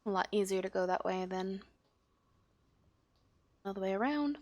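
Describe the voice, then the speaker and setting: A woman streaming a game, thinking aloud and often trailing off quietly. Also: medium pitch, normal speed. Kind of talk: casual gameplay commentary.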